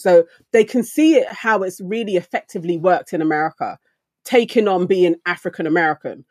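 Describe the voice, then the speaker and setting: A woman's voice: lowish voice, a little fast, a little mellow, no echo. Woman, co-host, reflective, long arguments, dry close sound. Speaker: podcast co-host. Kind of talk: casual discussion.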